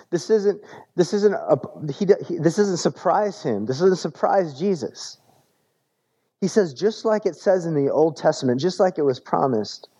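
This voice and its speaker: A man preaching a sermon in a relaxed, conversational way, often repeating words as he searches for the phrase. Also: fairly high pitch. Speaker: pastor.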